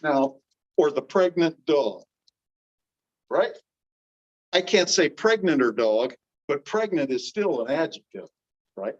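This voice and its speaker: A man's voice: fairly high pitch, expressive, slow pace, long pauses. Man, grammar teacher, patient, calls on students, lo-fi classroom audio.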